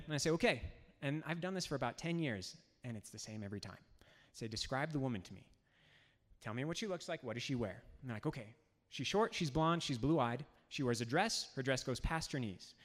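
A man, a high school teacher, telling a humorous personal story on stage and acting out the dialogue. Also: fairly bright tone. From United States. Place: event stage in a hall. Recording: hall reverb.

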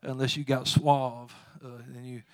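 A man's voice: medium pitch, little pitch movement, unhurried, smooth, dry recording. A man preaching a sermon, quoting scripture with rising fervor and chuckling asides. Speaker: pastor.

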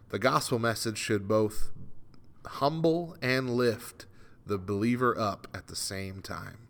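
A man's voice: fairly low pitch, fairly bright tone, clean tone. Ranting male radio host. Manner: ranting, exasperated, self-mocking. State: dry throat. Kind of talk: solo morning show monologue. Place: radio studio.

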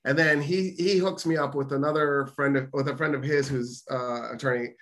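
A man from the United States telling a story in casual chat as a podcast co-host, animated and sarcastic, swearing freely and acting out the people he quotes. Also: medium pitch, normal speed.

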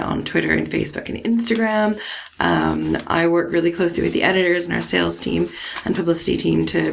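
A chatty woman with a hoarse, croaky voice, the kind you get when coming down with a cold. Her voice sits a little low and gravelly, and she laughs easily while explaining her work in a relaxed interview. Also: slight background noise. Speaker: marketing manager. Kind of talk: casual interview.

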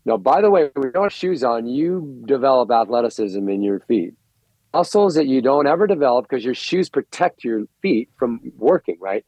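A middle-aged man, a coaching guest on a podcast, telling stories in an excitable, rambling way and often repeating words. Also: medium pitch, normal speed, no echo. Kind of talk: animated storytelling interview. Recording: dull, lo-fi, dry recording.

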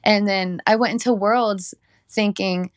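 A woman's voice: medium pitch, a little slow, dry recording. A young woman from South Carolina, a pole sports athlete and coach, telling candid stories in a casual interview. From South Carolina, United States. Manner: candid, animated storytelling with quoted voices.

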